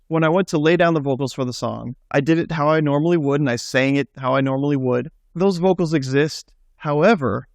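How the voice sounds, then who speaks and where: A relaxed, chatty man with a slightly high voice answers a viewer's question in a casual vlog. The recording is dry and close, with no room sound around him. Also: no room sound. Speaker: musician and channel host. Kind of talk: casual vlog talk to camera.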